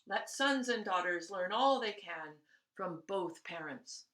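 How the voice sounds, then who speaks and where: A woman voicing an imperious, sleepy old male tsar in a storybook read-aloud, with booming proclamations and drowsy sighs. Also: lively intonation, takes it slowly, a bit bright, reverberant, distant mic. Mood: proclaiming.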